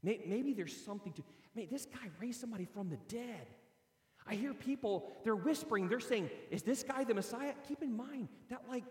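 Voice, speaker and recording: A man preaching a sermon, telling the story with lively acted-out voices. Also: extremely high pitch, moderate pace. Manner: animated storytelling, acting out voices. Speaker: pastor. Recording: echoey hall with long reverb.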